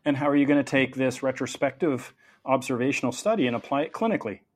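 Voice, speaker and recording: A man's voice: medium pitch, fast. A man hosting a podcast in a casual chatty way, asking his guests questions and joking around. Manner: lively, jokey, asks questions. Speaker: podcast host.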